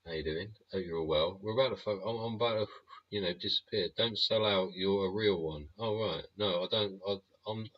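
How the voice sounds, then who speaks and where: Gruff, swearing man, lo-fi stream. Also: low-pitched, brisk. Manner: blunt, swearing, rambling rant. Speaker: livestream host. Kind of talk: live-stream chat.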